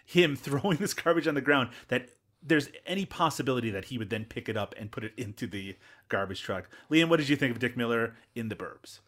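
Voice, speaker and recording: Male host, casual film chat, quick laughs, mid-pitched. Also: expressive, fairly bright tone. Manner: laughs often, asks questions. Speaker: podcast host. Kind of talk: casual movie discussion.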